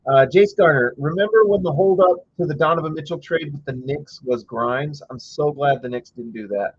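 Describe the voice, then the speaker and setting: A man hosts a casual live stream while watching a game. He chats over it, reads viewer comments aloud and breaks into frustrated little rants. His voice sits a bit high with a husky edge, caught on dull, dry, lo-fi home audio. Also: moderate pace, no echo. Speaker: livestream host.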